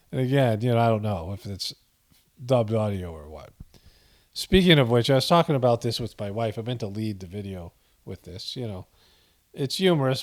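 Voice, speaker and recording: A man's voice: medium pitch, darkish tone. A man hosting a casual video commentary, rambling with frequent chuckles and fillers. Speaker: commentary channel host.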